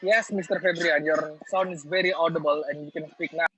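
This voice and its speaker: A man's voice: on the high side, steady tone, fairly quick, sharp tone, husky, dry recording. A man moderating an online group discussion, politely calling on participants. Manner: polite, formal, calls on people. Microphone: video call. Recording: dry, dull video call audio.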